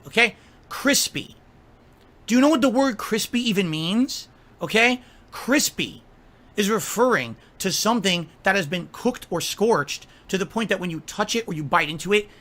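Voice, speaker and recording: A man's voice: high-pitched, pushed and bright. A man delivering an angry, profane rant, scolding and mocking someone at length. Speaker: streamer.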